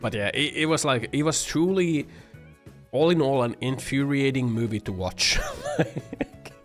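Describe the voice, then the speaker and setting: A man's voice: medium pitch, measured pace, faint music behind. A man streaming, giving an exasperated, profanity-laden rant full of filler words and bursts of laughter. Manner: laughs often mid-sentence. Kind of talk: casual livestream commentary.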